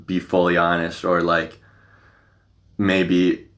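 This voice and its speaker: A man with a low-pitched voice that still sounds bright and forceful. He hosts a podcast in loose, casual chat. He rambles, leans on "like" and swears freely. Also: completely flat delivery, takes it slowly. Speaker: podcast host.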